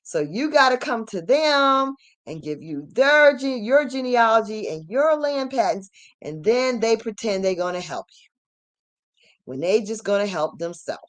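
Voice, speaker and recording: A woman giving an emphatic, repetitive ranting commentary as host of her channel, at times rising to shouts. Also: a little high, lively intonation, a little slow.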